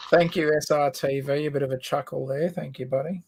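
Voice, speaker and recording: A man's voice: a little high, fairly even intonation, brisk, noisy background. An Australian man co-hosting a livestream, rambling and giggling, with lots of ums and restarts. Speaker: livestream co-host. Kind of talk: casual chat.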